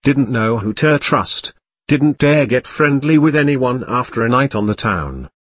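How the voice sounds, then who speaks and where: A man voicing an excitable gruff giant groundskeeper with a broad rural dialect, reading a story. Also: medium pitch, unhurried, no echo. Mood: grave.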